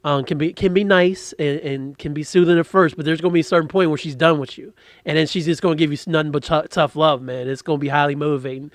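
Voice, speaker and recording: A man's voice: on the high side, steady tone, fast, hardly any pauses, dry recording. A man hosting a podcast in an easygoing casual chat, laughing along and restarting his sentences.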